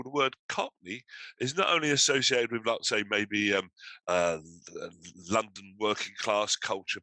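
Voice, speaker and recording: A man's voice: a little high, sharp tone, no room sound, poor audio. A man hosting an online panel discussion over a video call, talking in a hesitant way with many fillers. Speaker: host.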